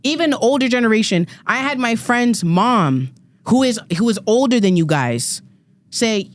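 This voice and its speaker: A woman's voice: on the high side, expressive, moderate pace. A woman in her thirties on a podcast panel, delivering a heated, profane rant with emphatic repeats and stumbles. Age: 30s. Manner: ranting, emphatic, profane, repeats words when fired up. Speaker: guest panelist.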